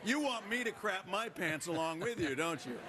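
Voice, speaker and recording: A man telling animated stories as a guest on a talk show. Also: sits high, moderate pace, noisy background. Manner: animated storyteller.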